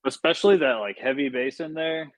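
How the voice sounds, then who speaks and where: A man's voice: on the high side, brisk, dry recording, low-quality recording. A man talking loosely on a podcast, full of fillers and casual swearing. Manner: laid-back, swears freely, many fillers. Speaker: podcast guest. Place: podcast studio.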